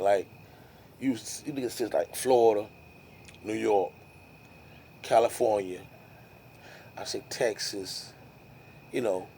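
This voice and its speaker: A man's voice: on the low side, creaky, warm tone, a little hiss or hum. A man vlogging to camera, telling a rambling story in a casual, musing way with frequent restarts.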